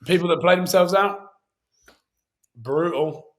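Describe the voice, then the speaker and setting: A man's voice: sits high, measured pace. A man, a former rugby player, giving frank and opinionated analysis on a casual podcast.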